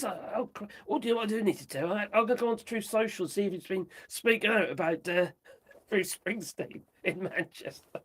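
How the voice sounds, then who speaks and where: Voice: medium pitch, brisk, fairly bright tone. A host chatting loosely on a livestream, rambling, giggling and muttering while reading off a phone. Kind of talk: casual livestream chat reacting to viewers.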